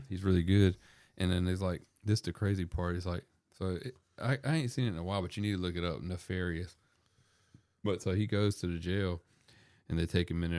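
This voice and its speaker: A man's voice: sits low, no echo, clean studio sound. A man on a podcast casually retelling a movie in a loose, rambling way. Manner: rambling, loose storytelling full of fillers. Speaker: podcast co-host.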